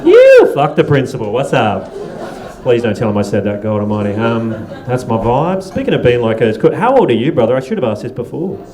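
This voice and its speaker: This Australian stand-up host talks a little fast, his medium-pitched voice expressive and darkish in tone. Onstage at a comedy club, he keeps things loose and profane, teasing the crowd and breaking into frequent laughter.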